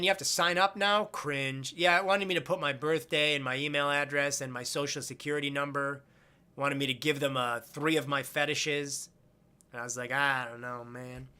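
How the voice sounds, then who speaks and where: Young male streamer, bright edgy voice, rambly crude humor, casual. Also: fairly high pitch. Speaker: live-stream host. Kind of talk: casual live-stream chat.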